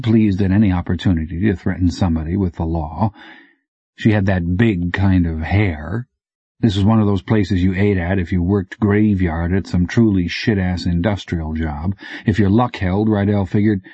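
A man narrating an audiobook in a low, even, hard-boiled delivery. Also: breathy edge, no room sound. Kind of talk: scripted narration. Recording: dull dry recording.

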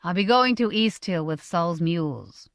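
A woman voicing a reserved, melancholy nineteen-year-old son with a quiet, dark-toned voice. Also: lowish voice, expressive, a little slow, no echo, studio quality.

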